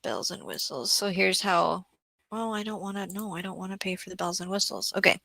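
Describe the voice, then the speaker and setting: A woman hosting a casual gardening livestream, tired after a bad day, chatting and thinking aloud while reading viewer comments and clearing her throat often. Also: mid-range voice, a little fast, pushed and bright, dry recording. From Southeast Florida. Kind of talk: casual live-stream chat reading comments.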